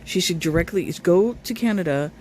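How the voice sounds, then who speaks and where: A man's voice: high voice, animated, a little fast, a little mellow, slight background noise. A man commentating on a live stream, reading viewer comments aloud and arguing back at them. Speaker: reaction commentator.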